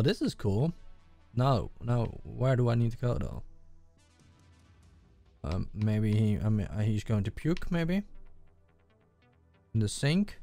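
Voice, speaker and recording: A man casually commenting on his gameplay, excitable and swearing and yelling at the game. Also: mid-range voice, dry recording. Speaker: gaming video host.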